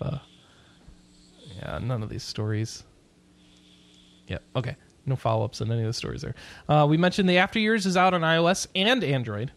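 A man hosting a casual podcast, chatty and quick to laugh while he runs through news items. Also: a little high. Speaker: podcast host.

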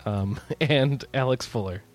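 A man's voice: mid-range voice, unhurried, soft background music. A man hosting a gaming podcast in casual chat, joking and rambling, laughing easily. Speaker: podcast host.

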